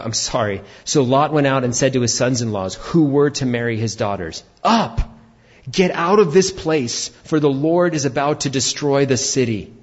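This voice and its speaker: Husky-voiced man preaching a sermon. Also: mid-range voice, lo-fi sound. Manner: animated preaching, shouting for emphasis. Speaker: pastor.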